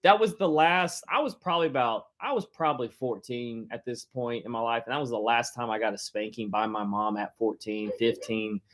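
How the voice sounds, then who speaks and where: Male preacher, conversational sermon, animated storytelling, chuckles often, casual filler words, average pitch. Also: a little fast, few pauses.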